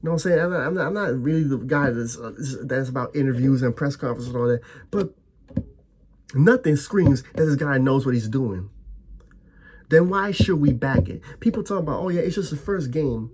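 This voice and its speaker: A man's voice: medium pitch, expressive, a little fast, a little mellow, a little hiss or hum. A young man ranting as a football fan, heated and profane, stammering over his restarts.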